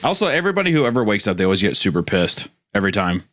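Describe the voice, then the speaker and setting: A man co-hosting a casual podcast, swearing freely and reacting loudly with laughs. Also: fairly low pitch, sing-song, very fast. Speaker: podcast co-host. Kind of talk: casual chat.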